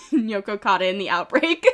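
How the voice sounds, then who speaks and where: A woman's voice: mid-range voice, big pitch swings, normal speed, fairly bright tone. A woman streaming a game, reading out events with chatty asides and giggles while congested and coughing. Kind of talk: casual live-stream commentary. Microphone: desk microphone.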